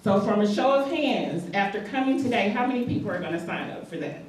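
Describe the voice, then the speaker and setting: A woman's voice: medium pitch, expressive, fast, a little hiss or hum. Woman addressing a crowd, echoey. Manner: encouraging, emphatic. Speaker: community organization speaker. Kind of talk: public address at community event. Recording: very echoey hall, distant mic.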